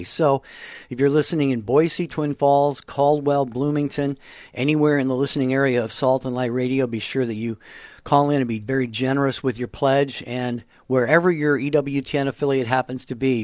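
A man co-hosting a Catholic call-in radio show, steady and affable, giving the phone number and station plugs. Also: medium pitch, no echo, studio quality.

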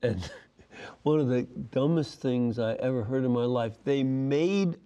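Male Bible teacher, warm mellow tone, careful explanatory delivery. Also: medium pitch, highs cut off. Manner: deliberate, explanatory, stresses key phrases. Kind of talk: scripture lesson.

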